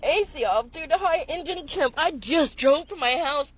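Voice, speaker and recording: A woman's voice: high-pitched, lively intonation, normal speed, noisy background. A woman in her fifties, tearful and distraught, venting in a rambling way to her phone from inside her car. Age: 50s. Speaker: gig delivery driver.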